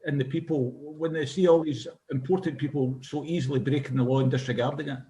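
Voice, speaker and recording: A man's voice: mid-range voice, steady tone, fast talker, warm tone. A man hosting a casual political discussion, asking direct, eager questions. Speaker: host.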